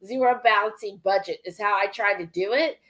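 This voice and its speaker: A woman's voice: mid-range voice, fairly quick, fairly bright tone. A woman co-hosting a live cooking stream, chatting casually and laughing often. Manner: chatty, laughs often, reads viewer comments. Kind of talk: casual chat.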